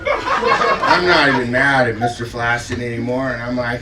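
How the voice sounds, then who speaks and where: A man's voice: mid-range voice, normal speed, very noisy. A man doing a stand-up comedy set, telling a story and acting out the scenes. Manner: animated storytelling, acts out scenes. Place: comedy club stage. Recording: echoey club from far off, loud audience laughter.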